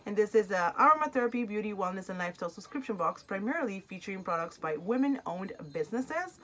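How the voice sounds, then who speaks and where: A woman's voice: mid-range voice, lively intonation, quick pace, fairly bright tone, a little hiss or hum, poor audio. A woman with a non-native English accent hosting an unboxing vlog, chatty and effusive. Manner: chatty and effusive, easily moved. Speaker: unboxing channel host. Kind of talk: casual vlog chat.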